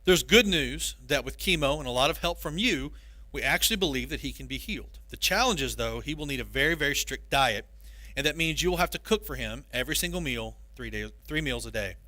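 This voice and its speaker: A male preacher voicing a solemn doctor delivering bad news in a lower, quieter tone. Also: animated, dry recording. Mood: grave. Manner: solemn, measured.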